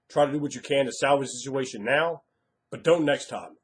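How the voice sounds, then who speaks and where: A man's voice: mid-range voice, a little fast. A man giving blunt, emphatic advice on tabletop role-playing as a game master, acting out quoted players. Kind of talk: casual advice monologue.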